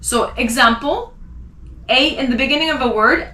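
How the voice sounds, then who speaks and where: A woman with a bright, slightly high voice gives an online language lesson. She walks through accent marks and repeats each sound slowly and carefully. The room has a noticeable echo. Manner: slow, careful pronunciation drills. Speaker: French teacher. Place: Los Angeles. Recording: echoey room.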